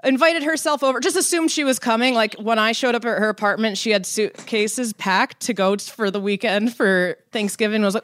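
A woman's voice: medium pitch, fairly even intonation, a little fast, few pauses, a bit bright, no echo, clean studio sound. A young woman from Connecticut telling a story in casual chat, rambling, laughing often, with many fillers and restarts. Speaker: guest.

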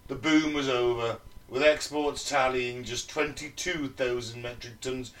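A man's voice: medium pitch, steady tone, unhurried, fairly bright tone, distant mic. Man reading notes on a podcast. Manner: reads research aloud, jokey asides, swears. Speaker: podcast co-host. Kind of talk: reading notes in casual chat.

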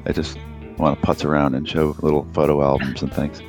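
A man's voice: rumbling low, flat delivery, a little fast, darkish tone, soft background music. A man co-hosting a podcast, talking in a loose, joking way with the odd swear. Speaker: podcast co-host. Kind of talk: casual chat over a call.

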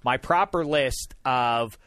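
A man hosting a talk show, joking with callers in a jokey, excitable way and laughing often. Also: medium pitch, slow pace, no room sound. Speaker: podcast host. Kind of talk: casual talk show banter.

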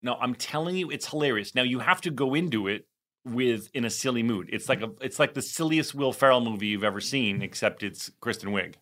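A man's voice: medium pitch, lively intonation, a little fast, a bit bright. A man in his forties co-hosting a podcast, chatting casually, laughing often and tripping into restarts. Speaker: podcast co-host. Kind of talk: casual chat.

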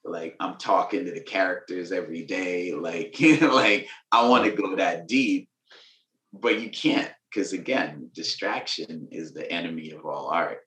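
A man with a lilt, a musician and author, chatting casually in an interview with relaxed slang. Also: deep voice, a little slow, roomy sound. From Venezuela. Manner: relaxed, laid-back slang, laughs between thoughts.

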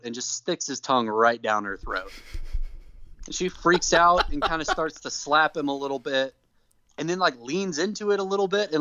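A man's voice: a little high, dry recording, highs cut off. A man casually recapping a show with a co-host, acting out quotes in playful put-on voices. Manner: animated storyteller, acts out quotes in put-on voices.

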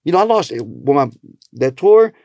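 A man's voice: very animated, moderate pace, gravelly, darkish tone, no room sound. A comedian telling stories in casual chat, acting out the people he quotes. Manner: storytelling, acting out quotes with shifting pitch.

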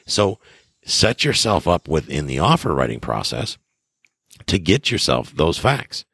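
A middle-aged man with a very deep, husky voice talks through casual advice as a podcast host. He is enthusiastic and emphatic, and his pitch swings widely as he acts out little conversations. The sound is dry and close. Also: very animated, unhurried, fairly bright tone, no room sound. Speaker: real estate investor and podcast host.

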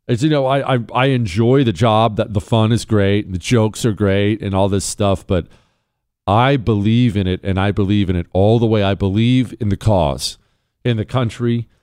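A man's voice: on the low side, darkish tone, no echo, clean studio sound. A man hosting a call-in advice radio show, blunt and emphatic, repeating his key points. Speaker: radio talk show host. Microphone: studio microphone.

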